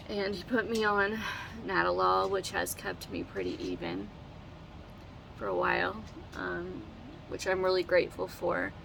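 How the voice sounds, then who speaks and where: A woman's voice: on the low side, very animated, unhurried, creaky, background noise. A middle-aged woman telling her own story, earnest and emotional, holding back tears as she halts and restarts. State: tearful, holding back crying. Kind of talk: personal storytelling to camera.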